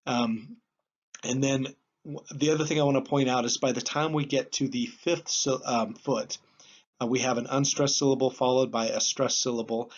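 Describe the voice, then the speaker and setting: A man at a middling pitch lectures a class. He talks in a plain, explanatory way and leans often on um and uh. The recording is a little dull and lo-fi. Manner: plain explanatory, with frequent um and uh fillers. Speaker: teacher.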